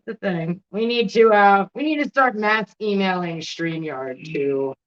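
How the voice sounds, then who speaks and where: A woman's voice: mid-range voice, expressive, a little slow. A woman co-hosting a casual livestream, reading out comments with wry, joking asides. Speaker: co-host reading chat. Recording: muffled lo-fi stream audio.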